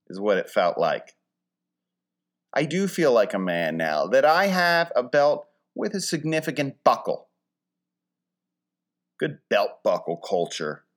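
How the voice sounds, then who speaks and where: A man from Philadelphia hosting a casual comic monologue, rambling with wry, dry humor and mock-grand wording. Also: fairly low pitch.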